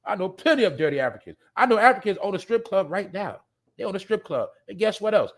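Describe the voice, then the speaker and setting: A man's voice: high-pitched, sing-song, quick pace, a bit bright. A man hosting a live show, ranting bluntly and profanely in a rambling way, often laughing. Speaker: podcast host. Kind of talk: casual live-stream rant.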